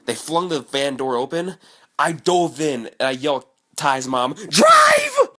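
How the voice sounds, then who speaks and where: A man casually telling a personal story in a vlog, animated and profane, acting out what people said. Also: mid-range voice, normal speed. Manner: animated, profane, acts out quoted voices.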